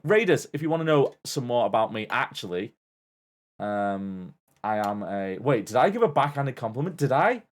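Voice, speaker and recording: A man chatting playfully on a game stream, greeting viewers and swearing freely. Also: lowish voice. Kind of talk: casual gaming stream chat.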